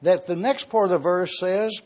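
A man preaching an expository sermon, slowly spelling out Greek words letter by letter as he teaches. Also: sits high, fairly even intonation, a little mellow, muffled recording.

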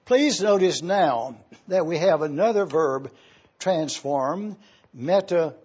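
Husky man preaching a Bible-study sermon. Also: a little high, animated, unhurried, darkish tone, dull audio. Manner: spells out Greek words letter by letter. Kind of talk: expository sermon.

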